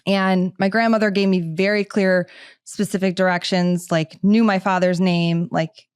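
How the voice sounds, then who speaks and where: A woman's voice: lowish voice, little pitch movement, a little slow, smooth, no room sound. A middle-aged woman hosting a podcast in a chatty, casual monologue, full of filler words. The sound is dry and close. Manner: chatty, filler-heavy with frequent "like". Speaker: podcast host.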